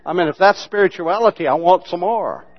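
A man preaching with folksy, teasing humor, his voice sitting a bit high for a man. The sermon recording sounds dull and lo-fi. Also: animated, fairly quick. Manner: folksy, mocking humor with sudden loud imitations. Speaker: pastor.

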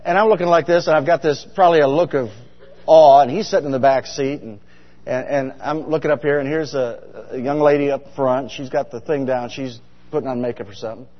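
A medium-pitched voice, fairly even in intonation and fairly quick, belongs to a middle-aged pastor giving a funny sermon full of stories. He talks in a chatty manner and often asks the congregation questions. Recorded with dull sound and long hall reverb.

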